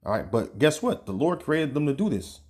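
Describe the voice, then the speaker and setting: A man's voice: fairly high pitch, very animated, darkish tone. A man giving informal religious teaching, talking loosely with many fillers and reading passages aloud as he searches for them. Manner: casual, peppered with "man" and "all right"; reads scripture and news aloud, pausing to search. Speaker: online preacher.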